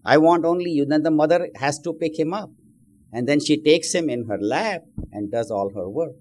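A man's voice: a little high, expressive, moderate pace, darkish tone, slight background noise. A man teaching a spiritual discourse, telling a story in a conversational way with many asides. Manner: conversational storytelling, frequent "you know".

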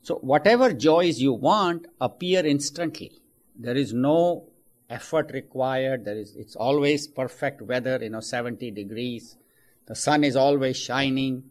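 A man's voice: mid-range voice, measured pace. A man giving a spiritual talk, telling humorous stories to make his point. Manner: joking storyteller. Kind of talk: sermon with anecdotes.

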